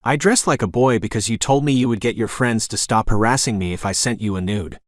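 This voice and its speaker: A man's voice: on the low side, a little fast, dry recording, studio quality, lightly acted. A man voicing a young woman confronting the man who bullied her, bitter and hurt.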